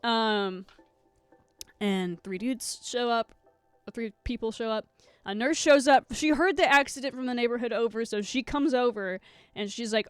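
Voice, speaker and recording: A woman's voice: on the high side, normal speed, clear, resonant tone, no echo, faint music behind. A young woman streaming live, telling a rambling story to her chat, swearing a lot and close to tears.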